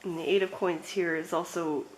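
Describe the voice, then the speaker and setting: This woman's voice sits fairly low with fairly even intonation, and the low-quality recording carries a little hiss or hum. She's a tarot reader doing a pick-a-card reading, slow, emotional and reflective, with occasional laughs.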